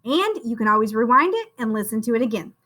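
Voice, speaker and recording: High, lively woman teaching phonics. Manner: slow, sing-song, encouraging, calls the listener "friend". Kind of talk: phonics spelling lesson for young children.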